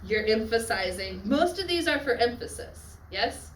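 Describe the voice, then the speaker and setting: A woman teaching a Latin class on literary devices, often checking in with her students and adding quick asides. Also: on the high side, expressive, slight background noise. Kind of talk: classroom lecture. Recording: echoey classroom from far off.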